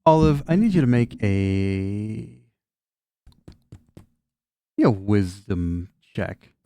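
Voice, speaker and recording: Profane laughing game master, dry mic. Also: male voice, fairly low pitch, expressive, very slow, dark tone, clean tone, dry recording. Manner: laughing, loose and profane, many restarts. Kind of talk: narrating a tabletop game.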